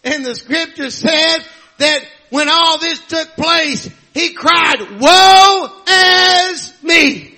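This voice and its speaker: A man preaching a fervent sermon, often shouting, with frequent amens and hallelujahs. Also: very high-pitched, slow pace, vocal fry.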